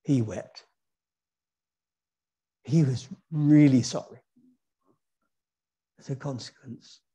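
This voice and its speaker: A man preaching a sermon in a church, moving from quiet, low asides to high, emphatic lines and putting questions to the congregation. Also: slow, husky.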